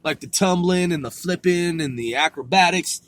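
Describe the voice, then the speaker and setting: A man's voice: high voice, moderate pace, fairly bright tone. A man hosting a podcast in a casual, rambling monologue, laid-back and profane, chuckling often. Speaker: podcast host.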